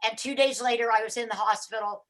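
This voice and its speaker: An older woman telling her own recovery story on a live talk show, acting out what people said and sometimes crying out loudly. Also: a little high, fairly even intonation, fast. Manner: acts out her own cries and other people's voices, getting loud and shouty.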